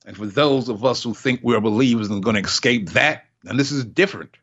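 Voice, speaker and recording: An older man preaches an impassioned sermon in a mid-pitched voice, emphatic and repeating himself for effect. He acts out the voices he quotes. The recording is dull and lo-fi. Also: fairly quick, fairly bright tone, breathy edge.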